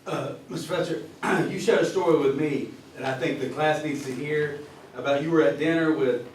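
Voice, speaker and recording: Guy asking a question in class, halting, bit high, super echoey far off. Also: fairly even intonation. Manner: halting, with fillers and throat clearing. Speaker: class instructor. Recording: very echoey room from far off, faint noise.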